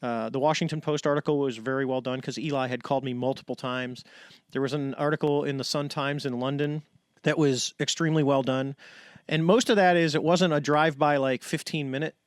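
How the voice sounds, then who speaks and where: A middle-aged American man speaks quickly as a podcast guest, swinging into the voices of the people he quotes. His voice sits close to the mic with almost no room sound. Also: mid-range voice, fairly even intonation, dry recording. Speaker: podcast guest, retired navy pilot. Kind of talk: casual storytelling.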